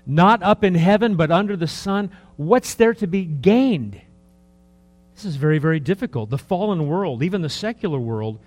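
A man in his early sixties preaches with a slightly high voice that swings widely between hushed asides and raised, emphatic lines. He talks in a loose, conversational way, piling up rhetorical questions. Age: 60s. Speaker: pastor. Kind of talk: sermon.

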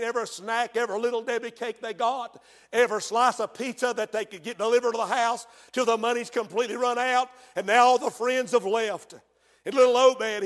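A man preaching a sermon as pastor. He tells the story in hushed tones and then bursts into shouts. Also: extremely high pitch. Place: church. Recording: long reverb of a church hall.

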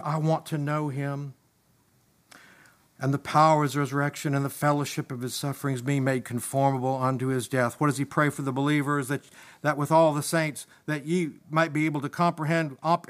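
A man preaching a sermon, impassioned, swinging from emphatic peaks down to low, quiet asides.

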